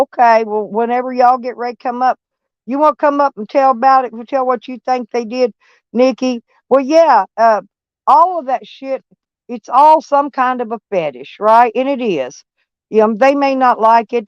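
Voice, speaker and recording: Woman vlogger, blunt drawl, smooth voice, close dry lo-fi recording. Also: a little high, normal speed, no echo. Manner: blunt, drawling, repeats herself. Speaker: van life vlogger. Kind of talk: casual live-stream chat. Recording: dull lo-fi sound.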